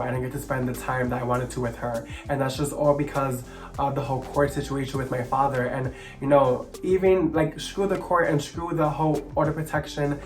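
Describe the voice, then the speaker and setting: A young man telling a painful personal story to camera in an earnest, halting way with many pauses and restarts. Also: medium pitch, level tone, soft background music. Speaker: vlogger.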